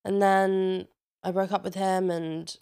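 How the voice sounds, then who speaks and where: A vlogger, a woman in her twenties, speaks slowly in a smooth, mid-range voice with vocal fry. Candid and chatty, she swears freely while recounting a personal story and animatedly acting out people's quotes.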